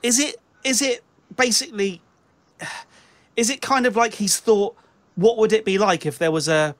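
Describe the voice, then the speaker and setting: A man's voice: high-pitched, moderate pace, a bit bright. A British man hosting a casual chat about music, often stopping and restarting his sentences. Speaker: show host.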